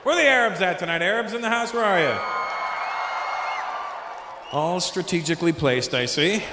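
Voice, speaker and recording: On a handheld mic at a large comedy venue, a man performs stand-up, bantering with the crowd and doing voices. His voice is high-pitched and animated at a normal speed. Heavy background noise, echoey hall acoustics, and the audible crowd fill the recording.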